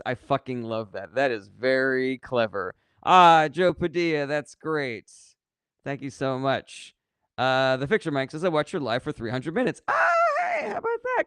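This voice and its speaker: A man's voice: mid-range voice, measured pace, fairly bright tone, smooth, no room sound, clean studio sound. Blunt, sarcastic young man reading chat. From California. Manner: blunt and sarcastic, reads comments aloud then answers; swears casually. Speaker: livestream host answering viewer questions. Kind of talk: casual live-stream chat.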